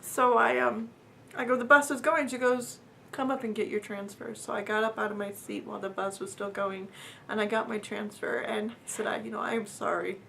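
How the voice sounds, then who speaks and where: A woman earnestly telling a personal story in a casual, halting way, with fillers and repeats, her voice sometimes dropping to a near whisper. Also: medium pitch, level tone, creaky, fairly bright tone, slight background noise.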